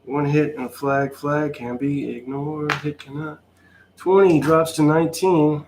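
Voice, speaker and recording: A man's voice: fairly high pitch, little pitch movement, unhurried, noisy background. A man giving a wry, sarcastic play-by-play of his own solo tabletop wargame, sounding mildly exasperated. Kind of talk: casual play-by-play of a tabletop game.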